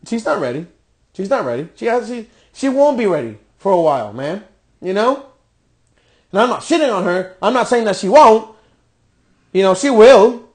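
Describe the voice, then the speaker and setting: Man, podcast host, high voice, profane, ranting, exasperated. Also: sing-song, normal speed, long pauses, a little mellow. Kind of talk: wrestling show review rant.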